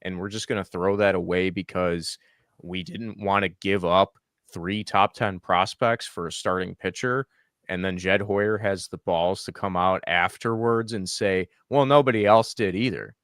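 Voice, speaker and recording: A man with a fairly low voice, recorded dry and close with no room sound. He fires off angry rhetorical questions and swears bluntly as he rants. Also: fairly even intonation, a little slow, fairly bright tone, no room sound. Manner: angry, profane, rhetorical ranting. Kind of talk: heated sports talk.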